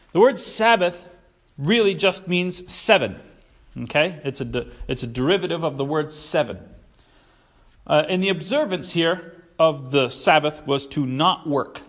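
A man preaching a relaxed, conversational sermon with a slightly high voice. He is folksy and joking, stumbling over fillers and restarts as he goes. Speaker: pastor.

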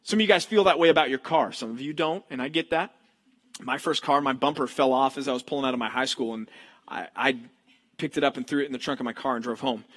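A young adult male pastor preaching a sermon in a church, telling stories in an animated way and acting out the lines of the people in them. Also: mid-range voice, quick pace. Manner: animated storytelling, acts out characters' lines.

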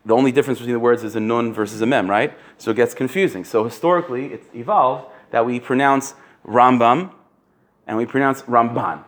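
A man giving a casual Torah class, animated and full of restarts, sprinkling in Hebrew and Yiddish terms. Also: mid-range voice, a little fast. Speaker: Torah teacher.

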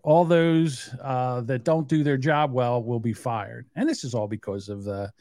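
A man's voice: medium pitch, steady tone, unhurried, dark tone, no room sound. Chatty man, dry close sound. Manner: rambling, chatty, with many fillers. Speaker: podcast co-host. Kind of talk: casual podcast banter.

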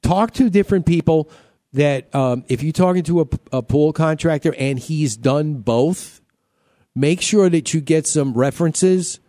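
A man's voice: fairly high pitch, measured pace, dark tone, no echo, clean studio sound. A man hosting a home-repair radio show, talking casually, repeating himself and cracking jokes. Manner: chatty, repeats himself, joking.

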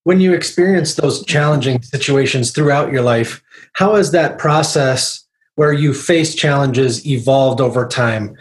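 A man hosting an interview show, asking encouraging, measured questions. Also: medium pitch. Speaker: podcast host.

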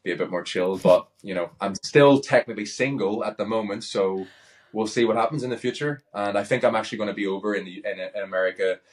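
A Northern Irish man chatting easily as an interview guest, relaxed and full of casual fillers. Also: fairly low pitch, quick pace. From Northern Ireland. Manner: easygoing, chatty, frequent "like" fillers. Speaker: guest, pro wrestler.

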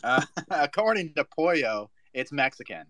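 A man's voice: a little high, very animated, moderate pace, bright, forceful tone, no echo. A man on a casual voice chat, explaining points at length and teasing others with sarcasm.

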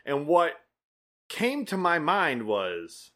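Podcast dude telling a wild story, bouncy pitch, bright edgy voice. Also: male voice, slow pace. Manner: animated storyteller, swears freely. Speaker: podcast co-host. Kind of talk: casual chat.

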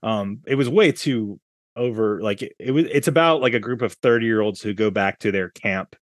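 A man's voice: fairly low pitch, normal speed, no echo, clean studio sound. A man hosting a casual movie podcast, talking in a rambling way and laughing as he speaks. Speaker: podcast host.

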